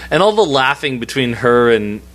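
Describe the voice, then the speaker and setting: A man co-hosting a casual film podcast, excitable and laughing often as he gushes. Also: medium pitch, normal speed, slight background noise. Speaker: podcast co-host.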